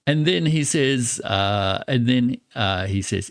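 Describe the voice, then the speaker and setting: Slow, gravelly-voiced male commentator. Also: mid-range voice, animated, dry recording, clean studio sound. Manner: deliberate, reading and explaining quotes. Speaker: political commentator, host. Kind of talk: live-stream commentary.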